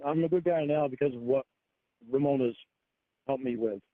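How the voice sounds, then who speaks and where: A man's voice: medium pitch, no room sound. Defensive man over a tinny phone. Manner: halting, defensive. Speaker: caller.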